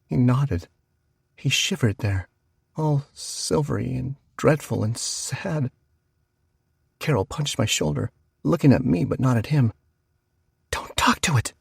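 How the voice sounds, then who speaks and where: A man narrating a horror audiobook, slowing down for the tense moments. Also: mid-range voice, lively intonation, gravelly, a little mellow, breathy edge, dry recording, studio quality.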